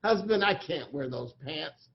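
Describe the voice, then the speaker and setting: A man's voice: on the high side, animated, a little slow, dull audio, voice pushed down. A man voicing a small newlywed wife who answers her husband sternly. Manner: stern, pointed.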